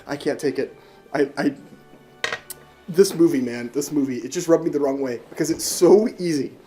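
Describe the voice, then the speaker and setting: A young man with a mellow, darker tone rants through a movie review, swearing freely and sounding exasperated. Faint music sits behind his voice. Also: on the high side. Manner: profane, exasperated ranting.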